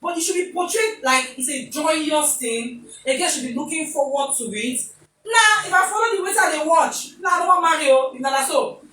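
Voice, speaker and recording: With a high, bright, forceful voice at normal speed, a Nigerian talk show host acts out small scenes and slips into pidgin for animated, comic effect. Her audio carries room echo, faint noise and the sound of a faraway mic.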